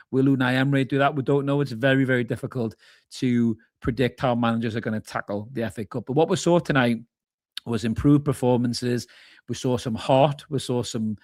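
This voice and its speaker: A fan channel host with a mid-range voice runs a live match reaction stream, chatting loosely as he reads the chat and calls viewers mate. The audio is studio quality, with no room sound.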